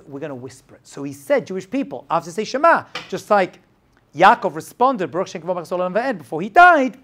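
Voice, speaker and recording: Lively rabbi teaching a class. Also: male voice, sits high. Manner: lively, rhetorical questions, checks understanding. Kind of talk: classroom Torah lesson with questions.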